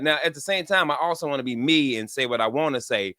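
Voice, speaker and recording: Male comedy radio co-host, high and bright, dry studio mic, big laugher. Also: quick pace, no room sound. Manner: laughs hard, slangy and animated. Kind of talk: casual comedy radio banter.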